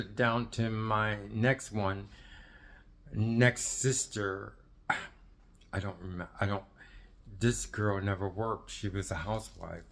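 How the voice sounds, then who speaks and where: Low-voiced man telling a rambling story. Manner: rambling, confiding, drops to near whisper at times. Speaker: ex-Jehovah's Witness telling his story. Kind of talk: casual personal storytelling.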